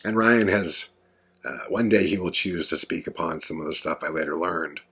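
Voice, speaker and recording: In this casual storytelling monologue, a male podcast host rambles earnestly and conversationally, with plenty of fillers. His voice sits low and moves at a normal speed, with a sharp tone and a breathy edge.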